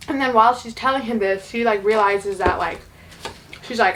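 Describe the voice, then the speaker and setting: A woman's voice: mid-range voice, moderate pace, fairly bright tone, a little hiss or hum. A young woman telling a story in casual chat, full of "like" and quoted lines. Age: young adult. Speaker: YouTuber retelling a musical's plot.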